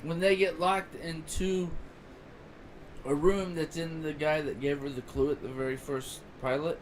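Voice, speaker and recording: Male podcast co-host, opinionated rambler, slightly high voice, noisy home recording. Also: flat delivery, measured pace. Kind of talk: casual chat. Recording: noticeable background noise.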